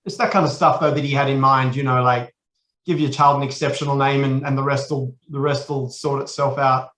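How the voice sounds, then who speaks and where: A man's voice: medium pitch, fairly even intonation, a little fast, fairly bright tone, roomy sound. An Australian man in his forties, a podcast guest, talking casually and rambling with many restarts. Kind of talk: casual chat.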